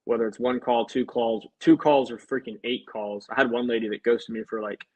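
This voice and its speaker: A man's voice: medium pitch, level tone, brisk, darkish tone, poor audio. A man, a life insurance agent, chatting casually to livestream viewers between sales calls in a breezy, upbeat way.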